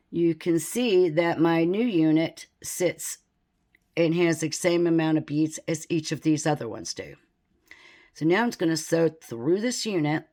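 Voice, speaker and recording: A woman with a low, deep speaking voice walks through a beading tutorial at an unhurried pace. She stays calm and methodical, counting beads aloud and describing each stitch as she goes. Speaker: beading instructor. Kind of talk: step-by-step craft tutorial.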